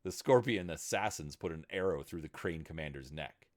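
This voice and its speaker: A blunt, rough-edged male samurai with a gruff, guttural delivery, as a man narrator does him. The voice sits low and swings widely. It belongs to a read-aloud fantasy story. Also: lively intonation, normal speed, no room sound, clean studio sound. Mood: insolent.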